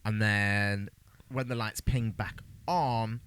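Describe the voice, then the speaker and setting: A man's voice: lowish voice, fairly even intonation, takes it slowly, fairly bright tone, slight background noise. A man co-hosting a podcast, chatting casually through a film recap and acting out bits of dialogue. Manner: chatty, acts out lines from the film in a raised voice. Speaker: podcast co-host.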